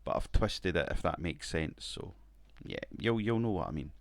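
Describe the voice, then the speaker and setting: A man's voice: deep voice, lively intonation, normal speed, no room sound. A man casually commenting on his wrestling management game, rambling, swearing and laughing now and then. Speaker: gaming video creator.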